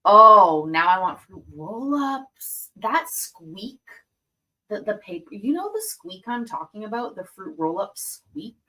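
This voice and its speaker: A woman hosting a livestream of court video reactions chats casually and giggles while tasting candy, savoring each bite aloud. Her medium-pitched voice is very animated and sharp in tone, though her pace is slow.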